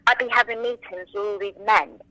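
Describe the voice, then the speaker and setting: Bright, animated woman with a French mother tongue. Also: medium pitch, fairly quick, dry recording, low-quality recording. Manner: animated, enthusiastic, acts out quotes. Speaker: interview guest, singer. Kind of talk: casual interview storytelling.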